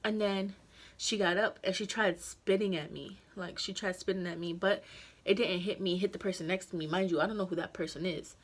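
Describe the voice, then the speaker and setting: A young adult woman vlogger retelling a story in a chatty, animated way, full of slang and filler words. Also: on the low side, a little fast. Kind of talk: casual storytime vlog.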